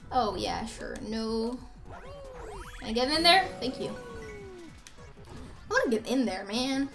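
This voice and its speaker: High, lively young woman gaming. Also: a little slow, creaky. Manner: chatty, rambling, bursts into squeals and laughs. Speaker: let's play gamer. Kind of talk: casual gameplay commentary. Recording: faint game music behind.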